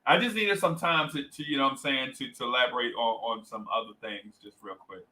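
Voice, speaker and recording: A man with a mid-range voice speaks fairly quickly while hosting a livestream, telling an animated story, acting out voices, and reading the chat aloud. The recording quality is low.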